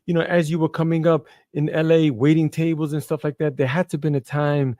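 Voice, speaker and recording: A man hosting a casual interview in a laid-back way, with a lot of soft affirmations to his guest. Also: a little high, level tone, fairly quick, dry recording, studio quality. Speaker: host.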